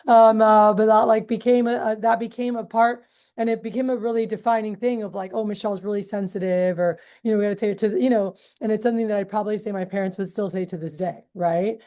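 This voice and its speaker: A woman's voice: medium pitch, fairly even intonation, quick pace, dark tone. A woman in her thirties leading a group meeting, talking casually with many fillers and acting out quoted voices as she tells stories. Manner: chatty, heavy fillers like "um, uh" and "like"; acts out quoted voices in storytelling. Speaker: meeting leader.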